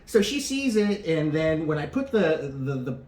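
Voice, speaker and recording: A man's voice: a little high, normal speed. A man co-hosting a podcast, telling a long story casually and with lots of swearing, acting out the people in it. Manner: profane, animated, acts out the people in his story. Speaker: podcast co-host. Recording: roomy echo.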